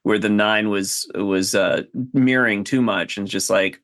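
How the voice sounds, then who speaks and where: A man's voice: lowish voice, normal speed, hardly any pauses, fairly bright tone, dry recording, studio quality. A man hosting and coaching on a podcast panel, talking in a thoughtful, exploratory way with frequent restarts. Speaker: host and coach.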